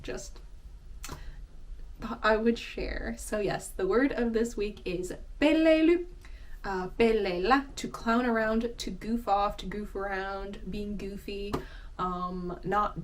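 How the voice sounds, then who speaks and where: Young female host, chatty and giggly, casual word-of-the-week teacher, mid pitch. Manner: giggly, chatty, laughs often. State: out of breath. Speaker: language teacher. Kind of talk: casual vocabulary lesson.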